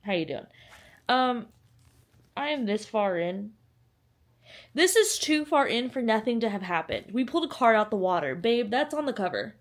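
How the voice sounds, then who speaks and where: A woman's voice: fairly high pitch, very animated, moderate pace, long pauses. A young woman talks straight to the camera about her reading, chatty and rambling. She jokes at her own expense and drifts off into little asides. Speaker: book vlogger. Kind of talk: casual chat to camera.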